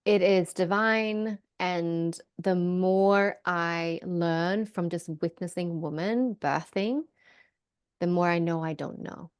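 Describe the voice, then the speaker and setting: Earnest low-voiced woman podcast host. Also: clear, resonant tone, no echo, studio quality. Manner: earnest, reflective, drawn-out phrasing. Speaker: podcast host, birth worker. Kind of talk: casual podcast chat.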